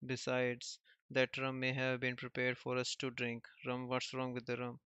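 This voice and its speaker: A man reading a comic aloud and adding short remarks, in a flat, even voice. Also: medium pitch, moderate pace, smooth, no room sound. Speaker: manga reader. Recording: dull lo-fi recording.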